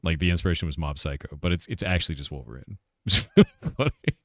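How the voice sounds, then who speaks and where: A middle-aged man streaming a casual chat about making his game, laid-back and quick to laugh, calling people "dude" and reading chat questions aloud. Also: deep voice, animated, a bit bright, no room sound, clean studio sound. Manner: reads chat questions aloud and answers them.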